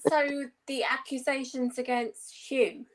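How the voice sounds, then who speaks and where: Hesitant woman caller, slow and soft. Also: sits high, flat delivery. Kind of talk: casual live-stream chat.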